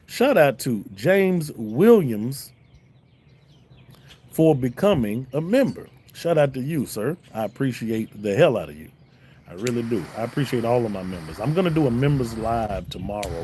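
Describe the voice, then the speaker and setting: A middle-aged man with a Southern drawl chats loosely on a livestream, his pitch swinging up and down as he jokes with viewers. The recording has a faint hiss of background noise behind his mid-pitched voice. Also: expressive, moderate pace, dark tone. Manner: laid-back, joking, talks back to chat. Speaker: YouTube host reading live chat. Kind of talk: casual livestream chat. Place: home, smoking a cigar on a livestream.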